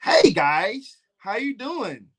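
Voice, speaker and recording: Stuffy proper hoops analyst guy, slow and polished, southern twang, a man doing the bit. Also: high voice, sing-song, voice pushed up, exaggerated voice. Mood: mock-formal. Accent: Southern US, Alabama. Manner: slow, stiff, overly polished delivery. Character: prim, over-proper male TV basketball analyst.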